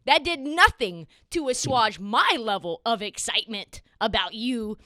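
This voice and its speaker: Young woman doing a sports podcast, sarcastic and lively, dry mic sound. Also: on the high side, no room sound. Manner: animated, sarcastic, quick asides. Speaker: podcast host. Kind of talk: casual sports commentary.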